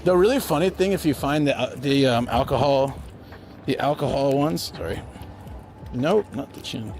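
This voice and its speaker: A man's mid-range, slightly mellow voice carries lively intonation at a moderate pace. He chats casually and rambles to viewers on a travel live stream from city streets and then a parked car, with music playing underneath.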